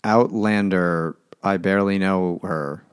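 A man with a very deep voice, recorded dry and close, tossing off deadpan crude quips in a book-club chat. He is one of the regular hosts. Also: slow pace, clean tone, no room sound. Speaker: podcast co-host. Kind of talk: casual comedic book chat.

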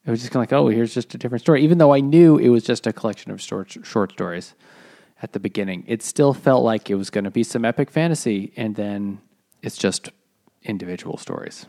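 Gravelly man giving a dry book opinion. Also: lowish voice, expressive, fairly quick, warm tone. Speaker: podcast co-host. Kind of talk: casual book discussion.

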